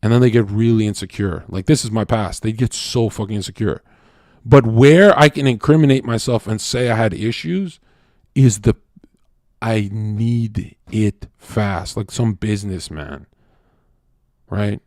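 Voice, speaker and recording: A man's voice: lowish voice, expressive, moderate pace, a little mellow, no echo, clean studio sound. A man livestreaming, telling a crude, profane confessional story with stammered restarts. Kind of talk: casual unscripted stream monologue.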